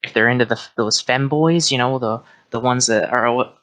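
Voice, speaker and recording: A man's voice: medium pitch, moderate pace, a bit bright, low-quality recording. A man appearing as a podcast guest, chatting in a laid-back, rambling way with lots of fillers. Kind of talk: casual podcast chat.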